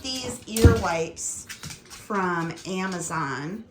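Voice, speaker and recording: A woman's voice: mid-range voice, animated, normal speed, fairly bright tone, a little hiss or hum. A woman chatting casually through a home vlog while she cooks in her kitchen. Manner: chatty, talks through chores and to her dogs. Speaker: vlogger.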